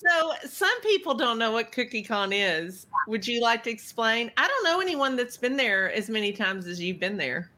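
A woman's voice: a little high, very animated, normal speed, few pauses, pushed and bright. A woman hosting an interview, asking questions in a friendly way and laughing along with her guest. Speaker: podcast host. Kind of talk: casual interview.

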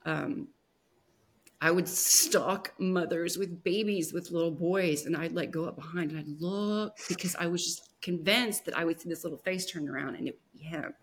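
A woman guest on a podcast, telling a personal story in a soft, emotional way with many pauses and restarts. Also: fairly low pitch.

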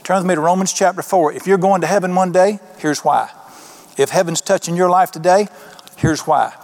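A man preaching a sermon in a folksy, conversational way, slowing down for emphasis. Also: high-pitched, a little mellow. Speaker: pastor.

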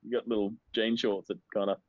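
A man co-hosting a podcast, riffing and joking crudely with quick bursts of laughter. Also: on the low side, level tone, dry recording, muffled recording. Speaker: podcast co-host. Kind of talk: casual comedic chat.

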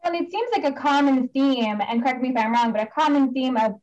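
A woman's voice: high voice, animated, a little fast, a little mellow, muffled recording. A woman hosting a podcast interview, asking questions and prompting her guest with short affirmations. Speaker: podcast host.

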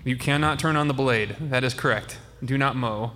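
A man's voice: mid-range voice, moderate pace, pushed and bright, in a large hall. A man hosting a podcast, chatting with children and asking them friendly, teacherly questions. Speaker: podcast host. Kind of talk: casual chat with children.

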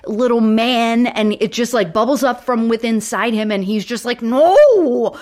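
A woman's voice: a little high, flat delivery, normal speed. Woman recapping a plot on a podcast. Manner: conversational, recaps plots in detail. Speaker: podcast co-host. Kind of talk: casual chat.

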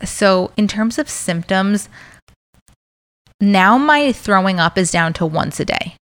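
A woman's voice: medium pitch, expressive, takes it slowly, a bit bright, no echo. A young woman hosting a podcast in a casual, chatty way, full of "like" and "um," candid and conversational. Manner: chatty, filler-heavy, candid. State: pregnant. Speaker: podcast host. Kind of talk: casual chat.

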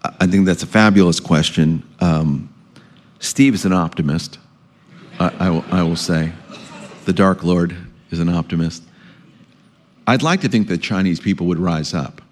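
Deep-voiced man answering audience questions. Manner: measured, repeats words while thinking. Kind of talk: public lecture Q&A.

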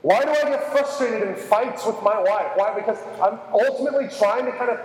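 A man's voice: extremely high pitch, fairly quick. A man preaching a sermon, earnest and emphatic, repeating key phrases and adding self-deprecating asides. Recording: reverberant hall.

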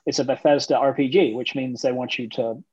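A podcast co-host talking in a relaxed, hesitant way, full of ums and likes. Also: medium pitch, brisk, breathy edge, no room sound. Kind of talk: casual podcast chat. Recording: dry, dull lo-fi audio.

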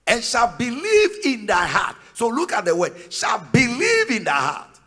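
Preacher guy, high and swinging all over, shouts the big lines, big echoey hall. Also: huge pitch swings, unhurried, slightly rough. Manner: emphatic, sing-song preaching with shouted peaks. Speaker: pastor. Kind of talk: sermon. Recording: long reverb of a large hall.

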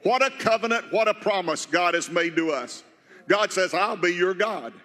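A man's voice: high-pitched, animated, normal speed, pushed and bright, big-room sound. A man preaching a sermon as pastor of a church, emphatic and repeating key phrases to the congregation. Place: church sanctuary.

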